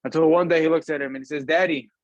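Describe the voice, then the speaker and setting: A man, a rabbi, giving a casual weekly Torah talk over a video call, speaking conversationally and often pausing with ums. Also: on the high side, fairly even intonation, darkish tone, no room sound, muffled recording. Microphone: video call camera.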